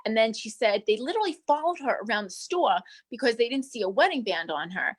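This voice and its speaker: A gossipy celebrity manicurist, played by a comic actress, rambles through Hollywood tales in a breezy tone. Her voice sits a little high, and she sprinkles every story with darling and doll. It is an improvised comedy interview. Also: expressive, quick pace, breathy edge. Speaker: guest.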